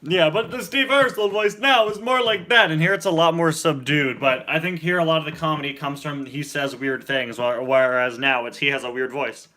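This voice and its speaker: A young man hosting a casual chat, enthusiastic and quick to laugh. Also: on the high side, sharp tone. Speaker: host.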